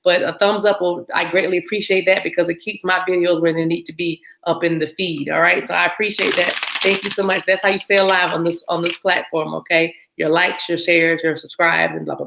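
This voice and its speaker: A woman's voice: on the low side, gravelly, a bit bright, poor audio. An American woman hosting a tarot live stream, chatting casually with viewers, greeting them and laughing often as she shuffles cards.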